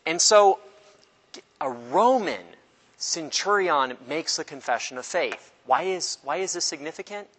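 Man, Bible teacher, casual lecture, chatty and joking, bright tone, reverberant hall. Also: a little high, expressive, measured pace. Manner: chatty, joking, acts out voices.

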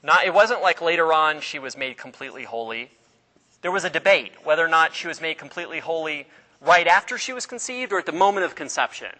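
A man's voice: a little high, lively intonation, fast, bright, forceful tone. A man teaching a religion class, quizzing his students, telling stories and often restarting his sentences. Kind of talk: classroom lecture. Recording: long reverb of a hall.

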